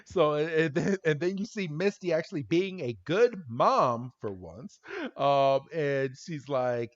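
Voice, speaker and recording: Guy on a podcast retelling a cartoon ep, kinda high voice, laughs a lot, muffled lo-fi sound. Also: measured pace. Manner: laughs often, acts out characters in high silly voices. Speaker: podcast co-host. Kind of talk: casual chat recapping a cartoon episode.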